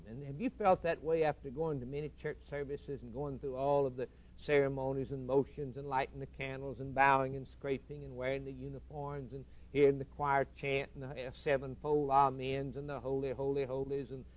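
Preacher, male, sermon delivery: surges loud on key lines, drops to near-hush, stacks repeated phrases. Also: medium pitch, no room sound. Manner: swells loud for emphasis, then drops to a hushed tone; builds long repeating lists.

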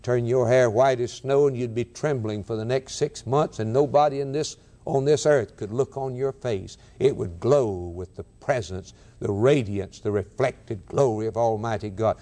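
A man preaching a sermon, swinging from raised declarations to hushed, drawn-out lines. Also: medium pitch. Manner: dramatic preaching with sudden swings from loud to hushed.

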